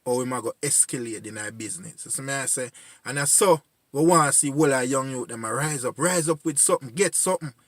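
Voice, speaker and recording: A man's voice: medium pitch, fast talker, fairly bright tone, no echo. Pleading Jamaican man, dry close sound. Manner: pleading, repetitive, heartfelt. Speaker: community voice addressing young men. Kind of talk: earnest spoken appeal.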